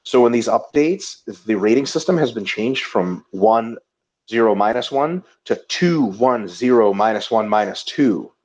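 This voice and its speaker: A man co-hosting a casual webinar, joking and swearing as he tells animated stories. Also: medium pitch, a little slow. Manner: profane, joking, animated storytelling. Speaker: webinar co-host. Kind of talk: casual chat. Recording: dull lo-fi audio.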